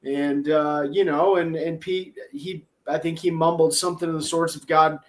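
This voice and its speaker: A man, a tournament angler, telling an animated, wry story on a podcast. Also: fairly high pitch, normal speed.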